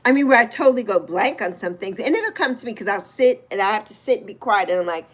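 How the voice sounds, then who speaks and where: Speaking fast in an animated, mid-range voice, a sixty-something livestream host reminisces fondly while chatting casually and replying to viewers' comments as they come in.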